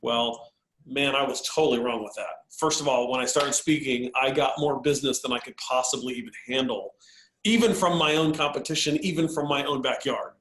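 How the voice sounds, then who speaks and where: A man's voice: mid-range voice, fairly quick, roomy sound, rough recording. A man, a guest on a show, telling a personal story in a casual, conversational way. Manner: animated, conversational, with fillers. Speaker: guest speaker.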